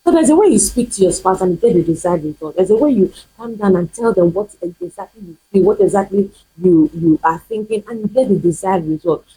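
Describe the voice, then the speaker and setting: A woman's voice: medium pitch, lively intonation, brisk, dark tone, breathy edge, poor audio. A woman pastor, preaching emphatically in a teaching video, repeating her points and firing rhetorical questions. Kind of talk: sermon-style teaching video.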